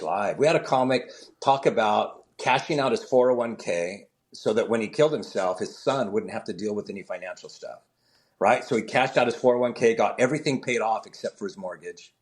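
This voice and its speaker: A man's voice: fairly low pitch, moderate pace. A man who is a comedian, a guest on an interview show, telling stories with energy and acting out the voices of the people in them. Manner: animated, acts out the voices of people in his stories. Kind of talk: storytelling in an interview.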